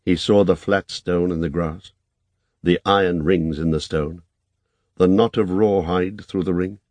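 Deep slow guy reading an audiobook, calm, super dry recording. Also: no echo. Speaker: narrator. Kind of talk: audiobook narration.

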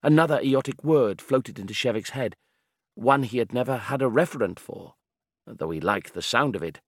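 Male narrator reading a novel, steady and calm, dry close mic. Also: medium pitch, breathy edge, no room sound. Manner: measured, calm and descriptive. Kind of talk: scripted audiobook narration.

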